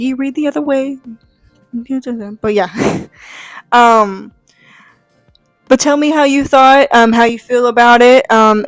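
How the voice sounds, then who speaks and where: A woman's voice: on the high side, dry recording. A young adult woman casually breaking down a comic book. She rambles and talks in a chatty way, full of fillers and "like.". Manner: enthusiastic and chatty.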